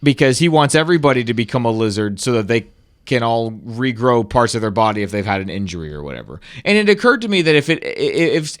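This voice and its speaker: A man's voice: medium pitch, no echo, studio quality. A man from Nashville co-hosting a podcast, explaining things eagerly in casual chat. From Nashville, USA. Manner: enthusiastic explainer, quick restarts. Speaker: podcast co-host.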